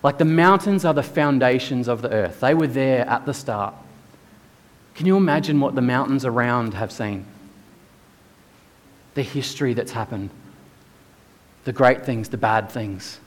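A man gives a sermon in an easygoing, conversational manner, as if chatting with friends. His voice sits at a middling pitch. It rings out in a church hall with a long, lingering echo. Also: unhurried, long pauses. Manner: casual and conversational, with many "like"s. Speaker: preacher.

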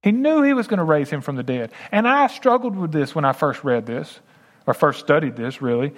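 A male pastor delivering a sermon in a fairly high voice. He talks to his congregation in a relaxed, conversational way between passages of scripture he reads aloud. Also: brisk. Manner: conversational, addressing the congregation directly.

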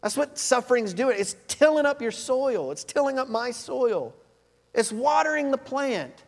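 A high-pitched man preaching a sermon with an emphatic, conversational delivery, driving his points home through repetition. His voice rings with the long reverb of a large church hall. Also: animated, measured pace, creaky. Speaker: pastor.

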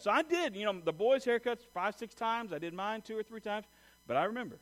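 A middle-aged man preaching a sermon, telling a funny personal story in an animated way and joking with the congregation. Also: sits high, fairly quick. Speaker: pastor.

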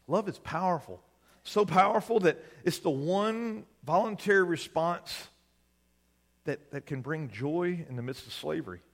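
A man's voice: a little high, expressive, measured pace, gravelly, long reverb tail. A male pastor preaching a sermon in a conversational way, often asking the congregation "right?".

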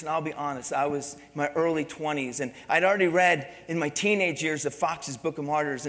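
A man delivers an earnest sermon from a church sanctuary, his voice pitched a touch high. He stretches out key words for emphasis and keeps turning to the congregation with questions. A long reverb trails off each phrase. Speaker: pastor.

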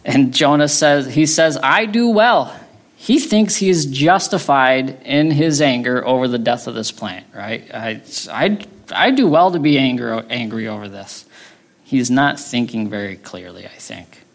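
Brief: man in the middle register, preaching with a gravelly edge, conversational teaching tone. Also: medium pitch, unhurried. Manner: conversational teaching, frequent tag questions. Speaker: pastor. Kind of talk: sermon.

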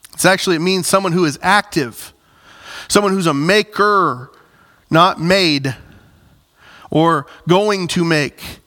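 Pastor guy preaching, bright forceful voice, bit high, builds up to loud emphatic bits. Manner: preaches with rising emphatic bursts, direct address to congregation. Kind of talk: sermon.

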